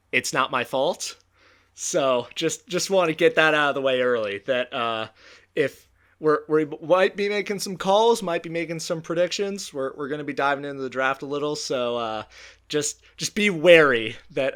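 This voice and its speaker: A man's voice: on the high side, fairly bright tone. A young man co-hosting a casual sports podcast, rambling and self-mocking as he talks. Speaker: podcast co-host.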